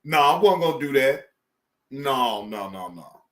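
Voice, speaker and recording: A man talks slowly and loosely to his stream audience, swearing freely and shouting out viewers by name. His voice is bright and a little high for a man. The room around him rings with echo. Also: sing-song. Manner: profane, laughing, shouts out viewers. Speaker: streamer reacting to videos. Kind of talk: casual live-stream chat.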